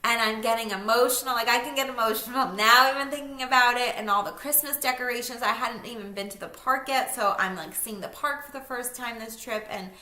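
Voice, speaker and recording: Bright chatty woman in an echoey room. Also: a little high, fairly quick, hardly any pauses. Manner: chatty, fillers and laughing asides. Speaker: vlogger. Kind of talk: casual storytelling.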